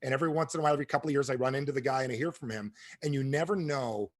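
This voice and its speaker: A middle-aged man giving a motivational sales talk to an audience, telling stories quickly and with animation. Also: medium pitch. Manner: fast-talking, animated storyteller. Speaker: sales trainer and speaker.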